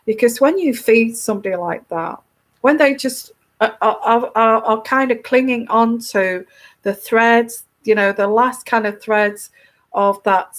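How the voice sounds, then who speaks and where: A woman tarot reader giving casual advice to a viewer, emphatic, often repeating herself and restarting her sentences. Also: medium pitch.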